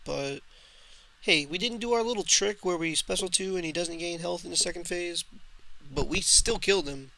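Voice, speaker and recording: A young man talks through his gameplay on a live stream, in a slightly high, very bright and cutting voice. He mutters, grumbles and curses at the game as he plays. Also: moderate pace, vocal fry. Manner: frustrated, swearing, talks to himself and chat. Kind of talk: casual live gameplay commentary.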